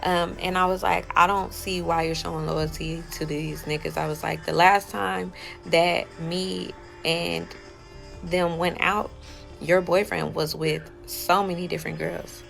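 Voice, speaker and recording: A woman tells her own story in a loose, chatty storytime monologue. Her voice sits low and crackles with heavy vocal fry. She rambles along with plenty of fillers and quoted back-and-forth. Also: flat delivery, a little slow, fairly bright tone, faint music behind.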